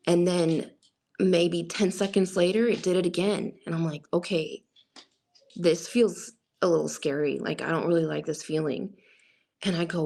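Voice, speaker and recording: A woman's voice: sits low, vocal fry. A woman guest recounting a personal encounter in a rambling way, full of "like" and quoted asides.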